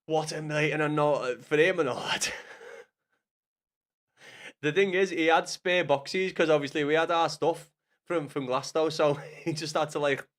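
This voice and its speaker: A man's voice: a little high, fairly even intonation, moderate pace. A man streaming live, rambling and swearing, laughing a lot and talking to viewers by name. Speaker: livestreamer. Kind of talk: casual live stream chat.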